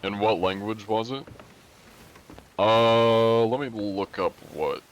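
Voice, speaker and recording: A young man chatting casually on a live stream, reading chat and answering in a relaxed way. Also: lowish voice, slow pace, a little hiss or hum. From United States.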